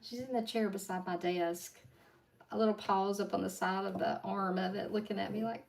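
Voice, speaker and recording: A woman's voice: medium pitch, fairly even intonation, normal speed, creaky, a little mellow, recorded from a distance. A woman with a strong Appalachian drawl who chats casually with viewers while doing her nails at her desk, laughing between asides. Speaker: nail art livestream host. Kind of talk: casual chat while working. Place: home desk.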